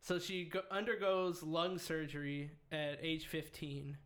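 A man's voice: a little high, flat delivery, measured pace, fairly bright tone. A man co-hosting a casual podcast, telling a true-crime story in a loose, joking, profane way.

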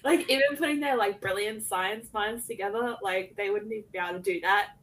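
A woman's voice: mid-range voice, a little fast, a bit bright, low-quality recording. A woman co-hosting a podcast, chatting casually, swearing freely and laughing often. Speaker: podcast co-host. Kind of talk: casual laughing rewatch chat.

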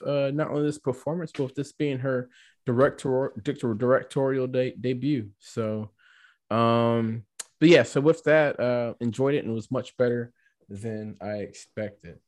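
A man's voice: medium pitch, moderate pace, darkish tone. A man co-hosting a podcast, chatting casually and rambling with frequent "right?" asides. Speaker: podcast co-host. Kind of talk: casual chat.

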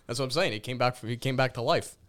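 Man, podcast co-host, quick rambling delivery, mid-low voice, casual sports talk. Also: a bit bright.

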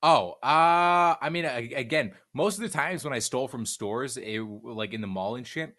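A man's voice: medium pitch, normal speed, fairly bright tone. Candid, profane young man chatting. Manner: profane, candid, rambling with restarts. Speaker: streamer guest. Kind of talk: casual chat.

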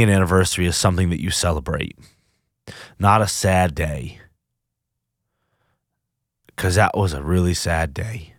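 A man hosting a personal recovery podcast, speaking in an earnest, halting, confessional way, emotional and near tears. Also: sits low, lively intonation, no room sound, studio quality. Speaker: podcast host.

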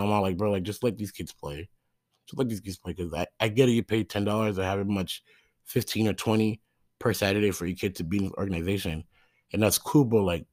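A man's voice: on the low side, dry recording, clean studio sound. A young man, a youth soccer coach, telling a rambling casual story full of fillers and restarts, losing his thread as he goes. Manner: rambling, loses his thread, lots of fillers like "you know what I mean".

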